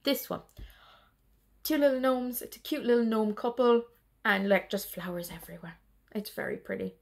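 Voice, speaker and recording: A woman's voice: fairly high pitch, normal speed, vocal fry. A tired woman chatting casually in a rambling way on her cross-stitch vlog, laughing often. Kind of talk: casual chat.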